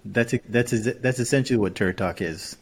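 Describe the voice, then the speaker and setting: A man co-hosting a podcast, chatting in a relaxed way. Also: lowish voice, normal speed, husky. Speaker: podcast co-host. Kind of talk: casual chat.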